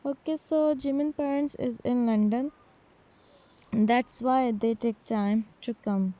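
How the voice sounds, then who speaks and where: A woman reads a fan-written story aloud at a slow, unhurried pace, her voice mellow and a little higher than most. She stops to call out each character's name before their lines. The recording sounds dull and lo-fi. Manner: halting, reads character names before each line with simple, non-native English phrasing. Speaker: fanfiction reader.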